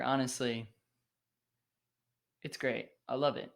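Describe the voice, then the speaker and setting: A young man hosting a worship livestream in casual chat, excitable and thinking aloud with plenty of fillers. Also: mid-range voice, takes it slowly, long pauses.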